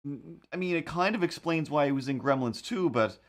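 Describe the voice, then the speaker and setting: A man hosting a livestream, chatting casually while he draws and telling rambling, animated stories with quick put-on voices. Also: fairly high pitch. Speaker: livestream host. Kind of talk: casual chat while drawing.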